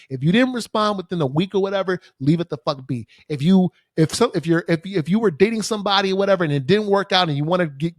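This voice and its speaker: On his solo storytelling podcast, a young podcast host with a somewhat high voice swears casually and rants in exasperation, using plenty of fillers. He speaks into a studio microphone facing the camera, and the sound is close and dry.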